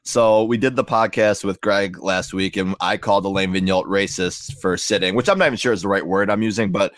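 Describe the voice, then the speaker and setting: A man's voice: fairly low pitch, fairly even intonation, brisk, a bit bright, no room sound, studio quality. A man on a podcast as a recurring guest, rambling and poking fun at himself in casual chat. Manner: rambling, self-mocking.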